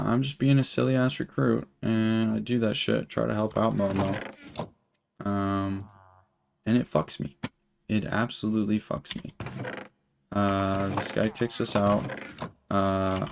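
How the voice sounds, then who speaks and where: A man's voice: low voice, gravelly, slight background noise. A young man in his twenties telling a long story as a streamer, rambling with lots of fillers and swearing. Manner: rambling, profane, filler-heavy. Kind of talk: casual storytelling while gaming.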